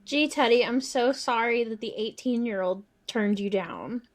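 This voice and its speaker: A woman co-hosting a book podcast, recapping chapters in a relaxed, wry way. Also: fairly high pitch, a little slow. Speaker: podcast co-host. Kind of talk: casual book-club chat and recapping.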